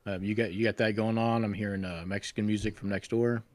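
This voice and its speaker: A man's voice: fairly low pitch, level tone, quick pace, no room sound. A man co-hosting a casual podcast, retelling scenes in a crude, rambling way full of swearing. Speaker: podcast co-host.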